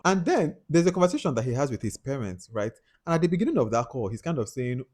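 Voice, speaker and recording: Animated Nigerian man reviewing films. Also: mid-range voice, fast, few pauses. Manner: animated, chatty, laughs often. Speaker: film reviewer. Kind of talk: casual film review.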